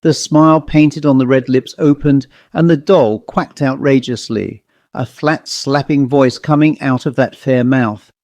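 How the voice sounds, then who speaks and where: A man narrating a horror story in a measured, dramatic manner. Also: mid-range voice, fairly even intonation, a little mellow, no room sound.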